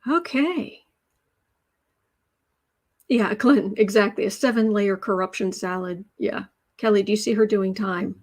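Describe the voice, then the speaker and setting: An American woman hosts a tarot livestream and talks casually. She reads out viewer comments and adds sarcastic, mocking asides. Her voice sits at an ordinary middle pitch. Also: unhurried, pauses often, darkish tone. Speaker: tarot reader livestream host.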